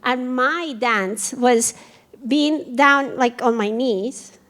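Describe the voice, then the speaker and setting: A woman with a strong Colombian Spanish accent speaks in a high voice. She tells her personal story at a museum event, animated and acting out each quoted exchange. Spanish is her first language, and it colors her English throughout. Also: drawn-out words. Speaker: dance company founder. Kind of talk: personal story told to an audience.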